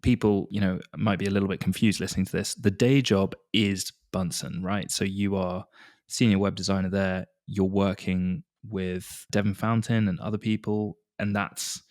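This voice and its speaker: Low-voiced podcast host, dry sound. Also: male voice, little pitch movement, moderate pace, a little mellow, no echo. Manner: chatty, rambling questions with many fillers. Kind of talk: casual interview chat.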